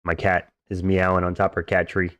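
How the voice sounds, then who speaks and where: A man's voice: sits low, monotone, brisk, fairly bright tone, no room sound. A man live-streaming fights, chatting casually, reading out chat questions and answering them bluntly with crude jokes. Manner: blunt, joking, crude and dismissive.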